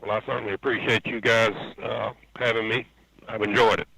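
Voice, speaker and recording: A man's voice: fairly low pitch, flat delivery, a little fast, gravelly, bright, forceful tone, breathy edge, dry recording, poor audio. A man in his seventies, a guest engine builder on a podcast interview, talking in a plainspoken, folksy storytelling way. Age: 70s.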